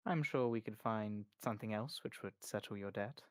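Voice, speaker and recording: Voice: mid-range voice, normal speed, no room sound, studio quality, natural voice. A game master voicing a guarded woman guild boss. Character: cool, guarded woman who heads a smuggling guild. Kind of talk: tabletop role-play.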